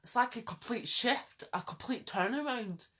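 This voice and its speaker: A woman's voice: a little high, expressive, normal speed, fairly bright tone, breathy edge. Impassioned woman ranting to camera. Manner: urgent, pleading, repeats phrases for emphasis. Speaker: vlogger. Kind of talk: impassioned direct-to-camera rant.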